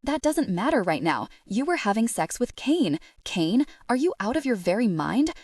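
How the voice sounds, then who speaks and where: A woman's voice: on the high side, big pitch swings, normal speed, darkish tone, no echo, clean studio sound, distant mic, pitched above the performer's own voice. A woman voicing a distraught, furious middle-aged mother who scolds through tears, pushy and harsh. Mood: angry.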